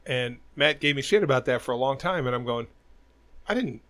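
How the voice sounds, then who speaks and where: A man's voice: medium pitch, expressive, a little fast, fairly bright tone, no echo. A middle-aged man on a podcast, telling a long, loose story with lots of swearing. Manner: rambling storyteller, swears a lot. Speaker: podcast host. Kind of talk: casual chat.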